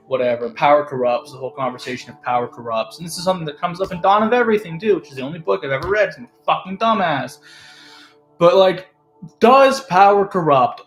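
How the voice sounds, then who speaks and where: Sarcastic, profane male commentator, fairly high voice, echoey room. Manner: sarcastic, profane, swings between loud and mumbled. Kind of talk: casual ranting monologue. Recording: echoey room, faint music.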